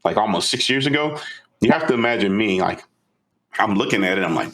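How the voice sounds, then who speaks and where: A man co-hosting a podcast, retelling a story in an animated, casual way. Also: fairly low pitch, a little fast. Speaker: podcast co-host.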